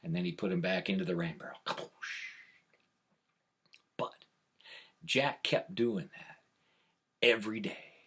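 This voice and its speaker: A man tells a tall tale in an animated way, sliding from hushed whispers to loud exclamations. His voice is husky yet bright, low-pitched and very lively in melody. He speaks at an unhurried pace. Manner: expressive, dropping to whispers and rising to shouts. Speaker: storyteller. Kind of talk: animated oral storytelling.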